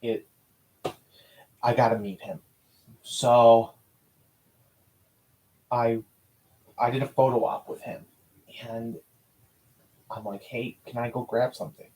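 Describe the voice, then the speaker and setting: A man's voice: mid-range voice, level tone, slow, long pauses, mellow, poor audio. A man telling personal stories in a casual, heartfelt way, rambling and restarting often and swearing now and then. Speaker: vlogger recalling school newspaper interviews.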